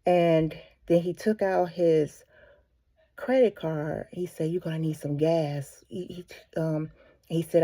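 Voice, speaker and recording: A woman's voice: low voice, mellow, dry recording. A woman speaking for a ministry, retelling a story casually with many fillers and restarts. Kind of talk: casual spoken devotional.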